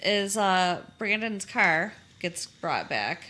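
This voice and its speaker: A woman with a lively, swooping voice and a bright tone, chatting as a podcast co-host. She retells the plot loosely, leaning on fillers like "you know". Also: mid-range voice, slow pace. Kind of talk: casual chat about a TV show.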